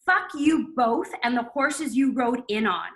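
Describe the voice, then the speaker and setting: Gruff sarcastic IT guy, read by a woman. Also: on the high side, unhurried, close to an everyday voice. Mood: irritated. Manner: profane, brusque retorts.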